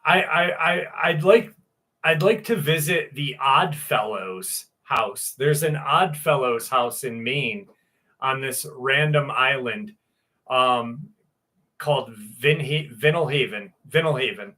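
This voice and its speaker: A man's voice: mid-range voice, takes it slowly, pushed and bright. A man in his forties hosting a livestream, answering viewers in casual, rambling chat with candid, crude humor. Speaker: livestream host.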